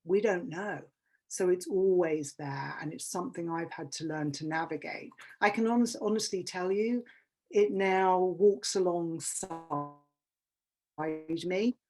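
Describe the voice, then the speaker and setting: A woman's voice: fairly low pitch, measured pace, a little mellow, soft background music. Candid British woman in her fifties. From England. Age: 50s. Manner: candid, emotional, repeats for emphasis. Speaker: workshop speaker. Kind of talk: personal testimony talk.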